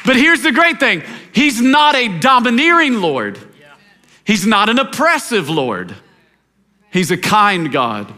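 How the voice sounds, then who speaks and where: A pastor from Tennessee preaching a sermon, swinging from emphatic, rising exhortation to soft, low stretches. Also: male voice, big pitch swings, slow.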